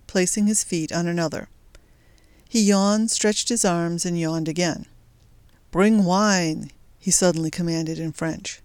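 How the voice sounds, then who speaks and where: Audiobook narrator, woman, low voice, measured, close and dry. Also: darkish tone, no echo. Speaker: audiobook reader. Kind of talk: scripted narration.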